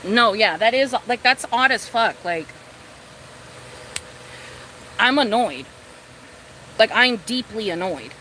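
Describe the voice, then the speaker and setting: A woman's voice: fairly high pitch, lively intonation, unhurried, sharp tone, slight background noise. A woman doing a casual live-stream as a tarot reader, talking bluntly, swearing freely and repeating herself when irritated.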